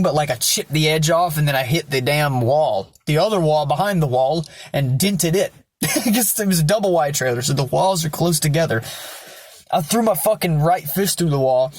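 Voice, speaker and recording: A man's voice: fairly high pitch, lively intonation, normal speed. A young man telling his personal backstory in a candid vlog, blunt and rambling, with lots of swearing. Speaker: vlogger.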